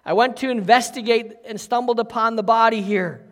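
A male pastor reading the part of an anxious young man who is fleeing a crime scene, breathless and rushed. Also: extremely high pitch, steady tone. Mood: urgent. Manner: breathless, talks in a rush. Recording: echoey hall.

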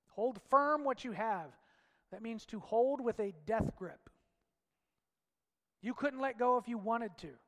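A man preaches with a high voice and fiery conviction, rising to shouts and dropping to near-hushed lines. His words ring out with a long hall reverb around them. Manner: impassioned, swings from loud shouts to hushed low lines. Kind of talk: sermon.

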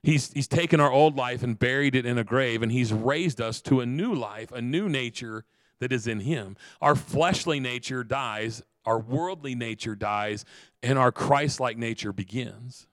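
A man pastor giving an earnest sermon, repeating phrases and slowing down for emphasis. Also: mid-range voice, dry recording.

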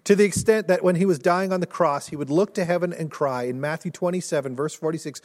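A male pastor preaching a sermon in earnest, rising to intense storytelling and dropping low and soft. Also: quick pace, hardly any pauses. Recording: long hall reverb.

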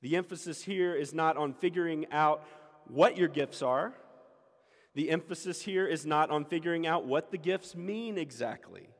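A man's voice: on the high side, moderate pace. Emphatic preacher man in an echoey hall. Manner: emphatic, repeats key lines. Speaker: pastor. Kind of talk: sermon. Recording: echoey hall with long reverb.

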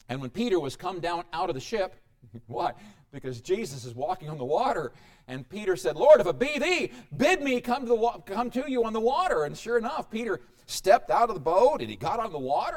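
A man preaching a sermon, dramatic, with sudden rises and quiet drops. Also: sits high.

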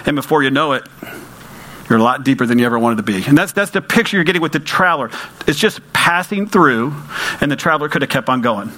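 Bright-voiced man preaching conversationally. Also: medium pitch, expressive, fast talker, low-quality recording. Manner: conversational preaching, rhetorical questions, emphatic repetition. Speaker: pastor. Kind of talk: sermon.

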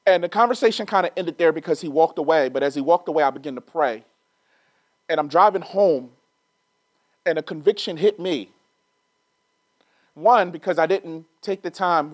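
A middle-aged preacher with a fairly high voice tells a story from his own life in a loose, conversational way. As the point lands, he climbs in pitch and volume into emphatic preaching. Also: moderate pace, long pauses, dry recording. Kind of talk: storytelling sermon.

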